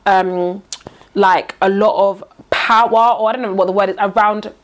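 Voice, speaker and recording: A woman's voice: mid-range voice, normal speed. A young woman, casually telling a story and acting out the voices of the people in it. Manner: animated storyteller, acts out quoted lines, British slang.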